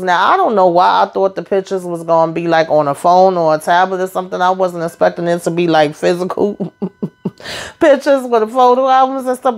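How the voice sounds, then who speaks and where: A woman's voice: on the low side, fairly quick. A woman casually recapping a reality TV episode for her viewers, chatty and slangy, with sassy asides to the audience. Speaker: TV recap YouTuber.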